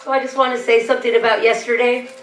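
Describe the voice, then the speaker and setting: A woman's voice: fairly high pitch, little pitch movement, fast talker, fairly bright tone, soft background music. A woman sharing her testimony at a church service, chatty and full of quoted dialogue. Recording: echoey hall, mic far off, crowd and noise.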